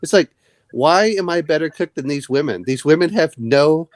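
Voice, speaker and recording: A man's voice: a little high, moderate pace, no room sound. A man in a casual late-night chat who tells long rambling stories and repeats his words as he goes. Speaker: podcast co-host.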